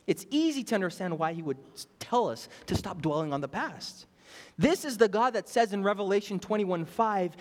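A man's voice: high-pitched, animated, normal speed. A young man preaching a sermon as pastor, emphatic and repeating phrases, asking the congregation questions. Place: church sanctuary. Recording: hall reverb.

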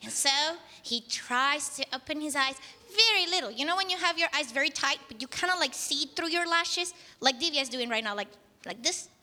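A woman at church telling a story to children in an expressive, engaging way, stopping to ask them questions. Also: sits high, brisk, long reverb tail.

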